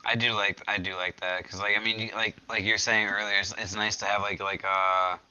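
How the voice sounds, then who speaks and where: A low-voiced man with a sharp, forceful edge talks slangy and swears freely, laughing between lines. The recording sounds slightly dull and dry. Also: level tone, a little fast, smooth, no room sound. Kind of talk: casual chat.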